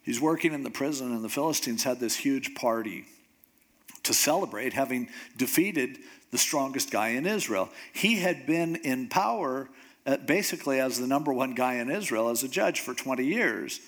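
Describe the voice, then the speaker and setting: A man preaching a sermon in a conversational storytelling style, with jokey asides and animated delivery. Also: medium pitch, moderate pace.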